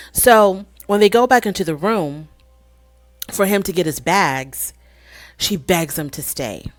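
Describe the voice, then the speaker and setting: A woman recapping a reality show in casual commentary, opinionated and animated as she retells scenes. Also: low-pitched, no room sound.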